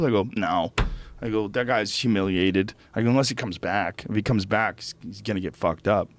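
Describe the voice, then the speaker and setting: A middle-aged podcast host with a lowish voice speaks briskly, with no room sound. He tells a story as a casual, profane rant that heats up and turns repetitive as he gets worked up.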